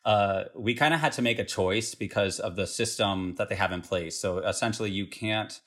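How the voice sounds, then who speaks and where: A young man from the United States, a guest recounting his years abroad in a relaxed, rambling way with fillers. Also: lowish voice, moderate pace. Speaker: interview guest. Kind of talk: casual conversational interview.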